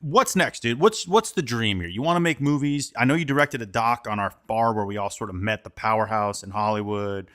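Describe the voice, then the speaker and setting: A man in his forties hosting a casual interview in a bar, jokey and profane, sometimes bursting into high comic voices. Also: brisk, hardly any pauses, pushed and bright. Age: 40s. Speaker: podcast host. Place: bar in Hollywood.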